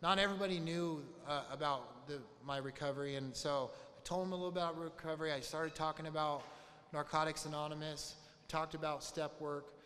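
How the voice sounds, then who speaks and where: A man's voice: fairly high pitch, fairly even intonation, fairly quick, a bit bright. Man telling a candid story in a hall. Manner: candid, profane, retells dialogue in quotes. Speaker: speaker sharing a recovery story. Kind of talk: personal storytelling to a group. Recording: long hall reverb, faint noise.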